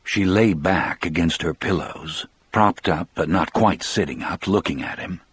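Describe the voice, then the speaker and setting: Man reading an audiobook, measured and grave, very deep, slow, husky, dry close sound. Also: fairly bright tone, no room sound. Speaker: audiobook narrator. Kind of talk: scripted narration.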